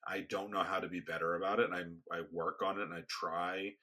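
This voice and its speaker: A man in a casual podcast conversation, speaking a little low with a bright, forceful edge. He talks haltingly, restarting his sentences as he searches for the right words. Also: little pitch movement. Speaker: podcast co-host.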